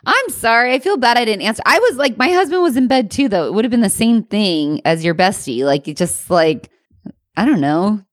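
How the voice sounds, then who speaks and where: A woman co-hosting a casual podcast, relaxed and slangy, laughing often. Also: a little high, brisk, dry recording, clean studio sound. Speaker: podcast co-host. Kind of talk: casual chat.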